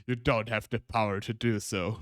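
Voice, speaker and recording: A man's voice: lowish voice, steady tone, normal speed, dry recording, clean studio sound. A male streamer with a German accent chatting casually, rambling with frequent restarts and laughs.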